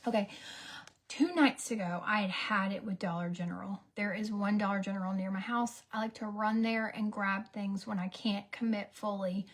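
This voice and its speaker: A woman's voice: medium pitch, fairly even intonation, normal speed. A woman, chatting and joking through a makeup routine, sometimes dropping into whispers. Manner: chatty, self-mocking, drops into whispers for asides. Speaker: beauty vlogger. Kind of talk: casual get-ready-with-me chat.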